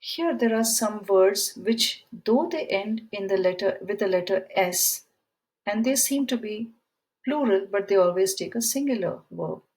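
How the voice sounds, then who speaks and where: A woman's voice: medium pitch, expressive, measured pace, darkish tone, low-quality recording. A woman teaching a grammar lesson, explaining rules through example sentences and reading quiz items aloud. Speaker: English teacher. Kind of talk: slow, deliberate grammar lesson.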